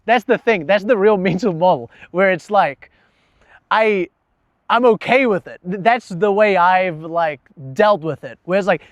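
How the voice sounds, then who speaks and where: Young guy with a high voice rambling about himself, swears a lot, dry close sound. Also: animated, normal speed, no room sound, highs cut off. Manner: casual and profane, laughs at himself. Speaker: vlogger. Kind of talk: candid personal monologue.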